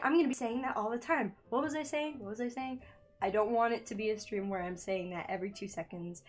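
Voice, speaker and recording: Young woman streamer, home mic, middle pitch, giggly and flustered, faint music underneath. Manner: nervous, giggly, loses her train of thought. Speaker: streamer and digital artist. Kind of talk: casual live-stream chat while drawing. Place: home room by a window. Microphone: studio microphone in a makeshift home setup.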